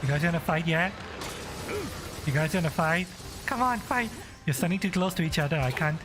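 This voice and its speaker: A man's voice: on the high side, normal speed, over music. A man streaming a game, talking casually in rambling, swearing asides to his chat. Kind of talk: casual live-stream commentary.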